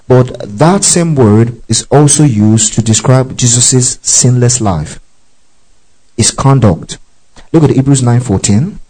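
A man's voice: medium pitch, mellow, rough recording. A man teaching a Bible study, reading verses aloud and often asking the class if they follow. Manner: checks in often with the class, spells out Greek words.

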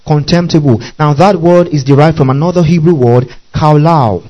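A man teaching a Bible passage verse by verse, often pausing to ask his listeners if they follow. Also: fairly high pitch, dark tone, highs cut off. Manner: checks in often with "okay?" and "you see that?".

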